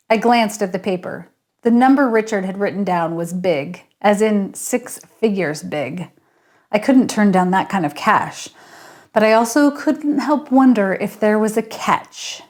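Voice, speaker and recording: A woman, the author, reading her story aloud in steady first-person narration. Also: medium pitch, measured pace.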